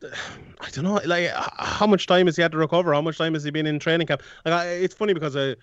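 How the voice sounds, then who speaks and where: A rambling man talking sports as a guest, full of restarts and quick laughs. His voice sits fairly high and sounds dry and dull, as if on a lo-fi remote line. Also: steady tone, clean tone, no room sound. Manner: rambling, many restarts and fillers, laughs often. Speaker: MMA analyst guest. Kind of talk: casual sports analysis chat.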